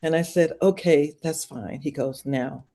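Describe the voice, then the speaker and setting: Her voice low and her delivery a little slow, an older woman tells a spirited story as a podcast guest in an informal interview. She acts out each voice, moving from hushed tones to shrieks.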